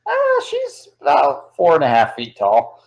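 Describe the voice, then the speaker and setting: A man narrating as game master of a tabletop game, relaxed and quick to laugh. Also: fairly high pitch, creaky. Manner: relaxed, laughs easily, casual asides.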